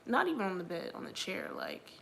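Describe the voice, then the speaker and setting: Chatty young woman with a gravelly, bright voice. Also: on the low side, huge pitch swings, brisk, a little hiss or hum. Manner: chatty storytelling, frequent "like", faith-filled. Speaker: livestream host. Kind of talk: casual personal testimony vlog.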